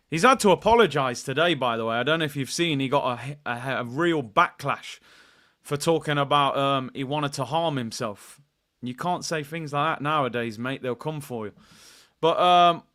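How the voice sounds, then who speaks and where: A man's voice: medium pitch, normal speed. A man hosting a casual football live stream, reading out viewer comments and joking around. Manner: animated, jokey, bursts into loud excitement.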